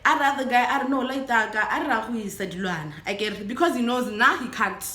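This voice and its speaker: A young woman with a Botswana accent tells a story to her camera, her high, bright voice bouncing around an echoey room. She talks in a lively way, mixing English and Setswana and breaking into laughs. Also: quick pace. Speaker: vlogger. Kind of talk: storytime vlog.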